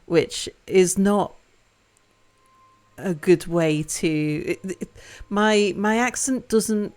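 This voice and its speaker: A young woman with a Northwest English accent with a Liverpool twang, chatting with her stream chat, thoughtful and halting, laughing often. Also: mid-range voice, a little mellow. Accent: Northwest England, Liverpool-tinged. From Northwest England. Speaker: livestream host. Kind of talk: casual chat with live chat.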